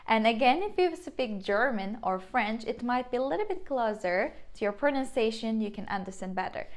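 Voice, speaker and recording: A young woman with a Turkish accent teaches beginners, speaking slowly and patiently. Her voice sits a little high, and she repeats each sound carefully as she demonstrates it. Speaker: language teacher. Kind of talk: beginner language lesson.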